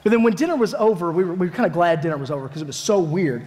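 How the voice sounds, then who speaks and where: A man, a families minister, preaching a sermon as a lively first-person story told in the voice of a disciple, with casual, dramatic phrasing. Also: high voice, racing. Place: church sanctuary. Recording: echoey church hall.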